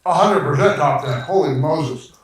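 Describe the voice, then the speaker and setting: A man's voice: on the high side, moderate pace, very echoey, far from the mic, music in the background, low-quality recording. A man co-hosting a home cooking livestream, chatting enthusiastically while tasting food, often trailing off mid-sentence. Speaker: cooking show co-host. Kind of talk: casual livestream chat while eating.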